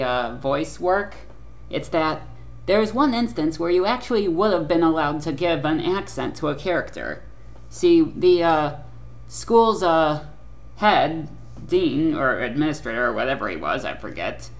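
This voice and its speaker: A woman reviewing an anime dub in an opinionated, sarcastic rant with lots of fillers. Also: low-pitched. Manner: ranting, sarcastic, with frequent fillers.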